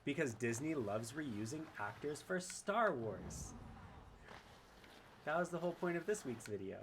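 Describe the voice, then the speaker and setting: A man's voice: medium pitch, very animated, measured pace, background noise. A man casually commenting on his gameplay and reading chat aloud, chatty and rambling and often laughing. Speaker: streamer.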